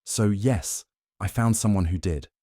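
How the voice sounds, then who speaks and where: A deep-voiced man voicing a scornful, panicky unfaithful young wife, shrill and pleading, then cold and cutting. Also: measured pace, warm tone, dry recording, studio quality, close to an everyday voice.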